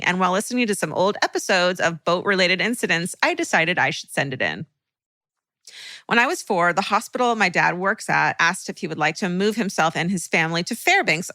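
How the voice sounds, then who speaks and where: Bright, lively woman podcast co-host. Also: on the low side, no echo. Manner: expressive, quick reactions, swearing. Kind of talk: casual chat and story reading.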